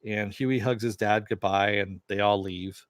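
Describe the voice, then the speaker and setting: A man's voice: lowish voice, fairly even intonation, unhurried, dry recording, studio quality. A man casually recapping a TV episode, rambling with lots of fillers and "he goes". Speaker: TV episode reviewer.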